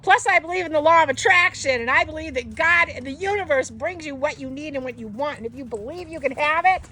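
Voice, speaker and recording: A woman's voice: sits high, fast talker, sharp tone, a little hiss or hum. A woman who breeds dogs, chatting casually outdoors and slipping into baby talk with her puppies, swearing freely. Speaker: dog breeder. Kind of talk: casual vlog chat with puppies.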